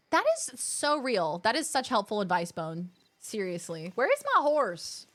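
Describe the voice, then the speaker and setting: A woman's voice: medium pitch, unhurried, hardly any pauses. A woman streamer playing a game live, joking and exclaiming at what happens on screen. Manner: animated, jokey, exclaiming at the screen.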